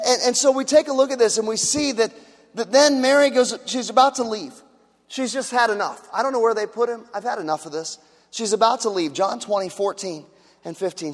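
A man preaching a sermon in a very high voice, driving his points home through repetition and rhetorical questions. The sound carries a long, echoing hall reverb. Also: husky. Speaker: pastor.

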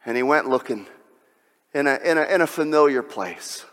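Man preaching in a church hall, dramatic swings from shouting to whispers, reverberant sound. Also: mid-range voice, expressive, moderate pace. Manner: swings from loud mocking outbursts to soft whispered prayer. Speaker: pastor. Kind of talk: sermon.

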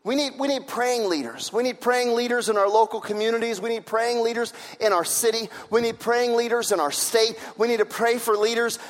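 A man's voice: very high voice, long reverb tail. A male pastor preaching a sermon, repeating key lines with rising, emphatic force. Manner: repetitive, emphatic preaching, building to shouts.

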